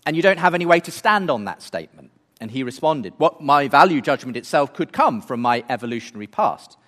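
A man's voice: medium pitch, very animated, a little fast, fairly bright tone, in a large hall. A man giving an earnest talk, building his case through rhetorical questions. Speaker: speaker. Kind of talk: apologetics talk.

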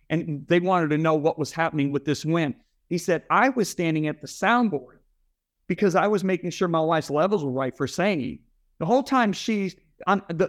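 A middle-aged man, a Christian author and speaker, telling a dramatic story as an interview guest in an emphatic, preacher-like way, acting out the people he quotes. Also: a little high. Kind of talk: animated storytelling.

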